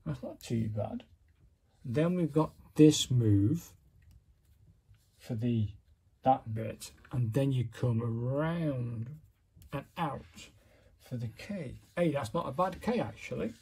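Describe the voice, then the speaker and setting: A man's voice: medium pitch, expressive, slow, vocal fry, long pauses, dark tone, breathy edge. A man casually demonstrating his work step by step, chatty and self-critical as he narrates each move. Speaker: calligraphy hobbyist demonstrating.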